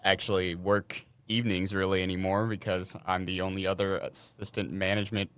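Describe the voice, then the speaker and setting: A young man co-hosting a podcast, telling work stories in a casual, animated way and swearing freely. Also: low-pitched, brisk, clear, resonant tone. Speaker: podcast co-host. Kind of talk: casual storytelling chat.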